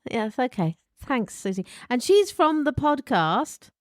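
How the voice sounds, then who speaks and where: A British woman co-hosting a podcast, relaxed and wry in casual chat. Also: high-pitched, measured pace, no echo, studio quality. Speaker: podcast co-host.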